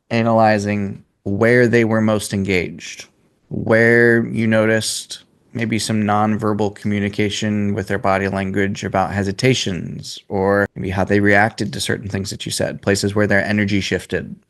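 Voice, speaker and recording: Man, 20s, sales coach, casual, blunt, swears, low-pitched. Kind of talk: live coaching class.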